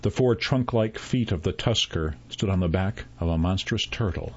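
A man reading a story aloud in a measured, unhurried narration, voicing the characters' dialogue. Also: sits low, darkish tone, slightly rough, dull audio.

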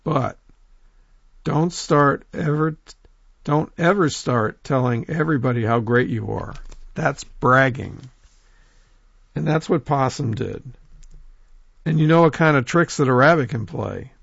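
A man telling a folk tale in a lively oral storytelling manner, talking straight to his listeners. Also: mid-range voice, unhurried, vocal fry, pauses often, husky, dry recording, lo-fi sound. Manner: lively, animated, addresses listeners directly.

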